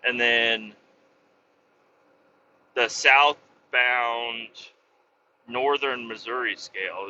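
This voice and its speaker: A man, a truck driver, telling road stories in a casual, profane and animated vlog from his truck cab, with a dull lo-fi sound. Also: medium pitch, takes it slowly, a little hiss or hum.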